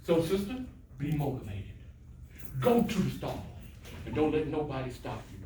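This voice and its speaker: A man's voice: fairly high pitch, sing-song, moderate pace, dark tone, reverberant, distant mic, slight background noise. An older man giving a motivational talk to adult students, telling stories, joking and acting out voices. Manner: storytelling, plays voices in quotes, jokes with audience. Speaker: motivational speaker.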